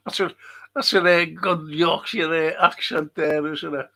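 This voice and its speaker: A man's voice: on the high side, steady tone, unhurried, long pauses, a bit bright. A middle-aged man hosting a casual live stream, reading out viewer comments, answering them and swearing now and then.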